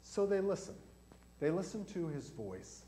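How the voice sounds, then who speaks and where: A man with a somewhat high voice, a pastor teaching a catechism lesson to children and adults inside a church. He keeps turning to the children with questions as he explains. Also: very animated, a little slow, mellow.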